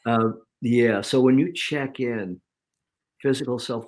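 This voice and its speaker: A man as an interview guest, talking in an animated way and acting out inner voices in quotes. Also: medium pitch, takes it slowly. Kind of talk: casual interview talk.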